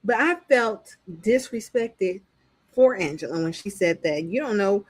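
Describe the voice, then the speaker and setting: A woman's voice: medium pitch, a little slow, slightly rough. Blunt, outspoken woman reviewer. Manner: outspoken and blunt, swears freely; animated, acts out what others said. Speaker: reality TV reviewer. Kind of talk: casual commentary.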